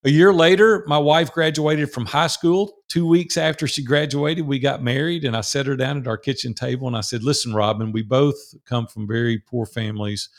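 A man in his sixties with a strong Southern drawl and a gravelly edge to his voice. He tells stories in a folksy, animated way, as a guest on a podcast. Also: mid-range voice, moderate pace, hardly any pauses. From Southern United States. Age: 60s. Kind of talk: storytelling interview.

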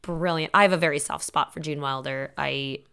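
A woman's voice: sits low, steady tone, fairly quick, gravelly, fairly bright tone, clean tone. A woman co-hosting a podcast, chatting casually and retelling stories with quoted lines and frequent laughter. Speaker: podcast co-host. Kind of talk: casual chat.

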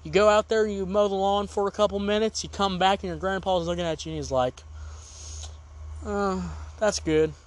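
Male podcast host with a high voice, ranting and exasperated, repeats his gripes. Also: fairly even intonation, fast talker, hardly any pauses. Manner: exasperated, ranting, repetitive complaints. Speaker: podcast host and game reviewer. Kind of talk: ranting game review.

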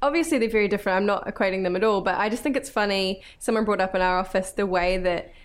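A woman's voice: medium pitch, fast talker. A young woman with a New Zealand accent hosting a casual chat, telling stories and laughing often. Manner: chatty storyteller, laughs often. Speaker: podcast host.

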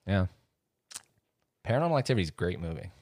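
Deep-voiced man telling a story. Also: big pitch swings, quick pace, darkish tone, no room sound, clean studio sound. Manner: rambling storyteller, acts out scenes with voices. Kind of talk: casual chat about horror movies.

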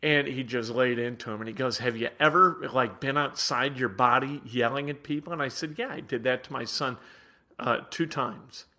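Sports talk guy ranting, bright tense voice, goes from muttering to yelling. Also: moderate pace. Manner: animated, swings from low asides to loud outbursts. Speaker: sports radio host. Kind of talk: opinionated sports talk monologue.

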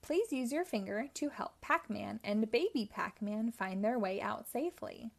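A woman reading a children's storybook aloud in a slow, expressive way, lightly voicing the characters. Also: on the high side, creaky. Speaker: storybook reader.

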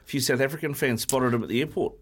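A man hosting a casual rugby chat, asking quick, chatty questions. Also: medium pitch. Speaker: sports podcast host.

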